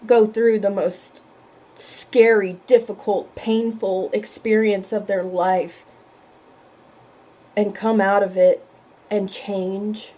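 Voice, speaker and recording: A woman's voice: medium pitch, flat delivery, takes it slowly, pauses often. A woman hosting a reaction vlog, talking casually and emotionally, teary from crying and apologizing for it. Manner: emotional and tearful, apologetic, warmly chatty. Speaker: reaction channel host.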